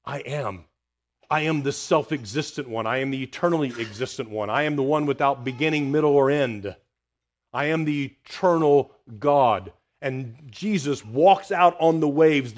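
A man preaching a sermon, reading scripture aloud and dropping quiet and low for the words of God. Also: moderate pace. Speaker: pastor.

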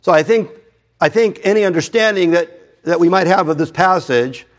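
A pastor in his fifties preaching a conversational sermon, animated and full of restarts and asides. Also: sits high, normal speed.

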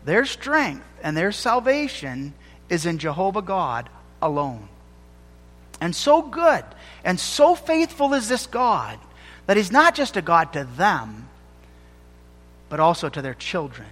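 A man delivers a sermon in a high, lively voice that climbs and falls with every point. He leans on key words, slowing right down to stress them, and his voice rings out with a long echo from a church hall. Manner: emphatic preaching with slowed, stressed phrases. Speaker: pastor.

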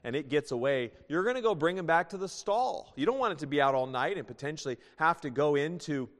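A man's voice: on the high side, animated, a little fast, big-room sound. A man preaching a sermon in a folksy way, reading scripture aloud and telling a joke story. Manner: folksy, reads scripture aloud and tells jokes.

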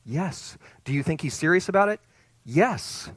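A man preaching a sermon as pastor, animated, swinging between quiet and loud. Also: fairly high pitch, measured pace, husky, no room sound.

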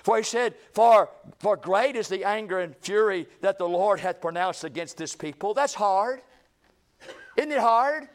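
A man preaching a revival sermon, swinging between loud shouting and hushed low lines. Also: lively intonation, a little slow.

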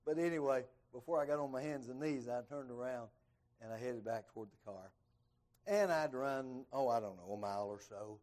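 A man's voice: mid-range voice, a little fast. Folksy man preaching a sermon. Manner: folksy storyteller who acts out quoted dialogue with rising, lively voice. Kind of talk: evening sermon, storytelling.

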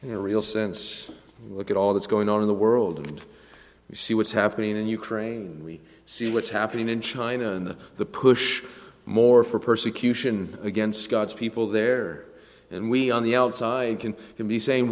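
Man preaching in an echoing hall. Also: on the low side. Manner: earnest preaching, slows and rises for emphasis. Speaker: pastor. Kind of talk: sermon.

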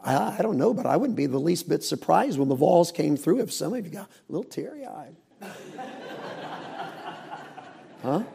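A middle-aged man, a pastor, preaching in a folksy, animated storytelling way with asides. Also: fairly high pitch, a little fast, vocal fry. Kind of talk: sermon.

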